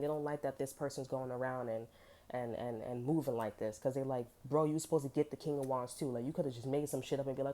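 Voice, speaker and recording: A woman's voice: rumbling low, steady tone, quick pace, mellow. A woman giving a casual tarot reading, blunt and profane, full of emphatic slang. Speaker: tarot reader.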